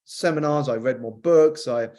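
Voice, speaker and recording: A man's voice: medium pitch, dark tone. Reflective man telling his story. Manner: measured, reflective, lists things off with frequent uh. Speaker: coach and author, podcast guest. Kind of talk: interview storytelling.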